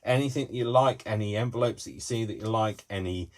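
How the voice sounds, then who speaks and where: A man's voice: fairly low pitch, quick pace. A man hosting a live craft tutorial in a small craft room, rambling with jokey, self-deprecating asides.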